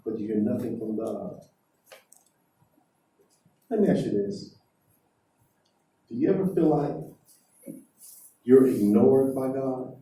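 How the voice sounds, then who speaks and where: An emphatic preacher who keeps questioning his congregation, his voice dark and heavy. He speaks at an unhurried pace. The sound reaches the mic from a distance through a strongly echoing church hall. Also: mid-range voice, animated. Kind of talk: sermon. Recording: echoey hall heard from afar.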